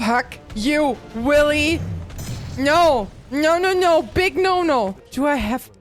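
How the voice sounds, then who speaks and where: A woman's voice: high voice, lively intonation, slow pace, soft background music. A woman streaming a horror game live, talking to chat and often panicking with shrieks and laughter. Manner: panicky, frequent screams and laughter.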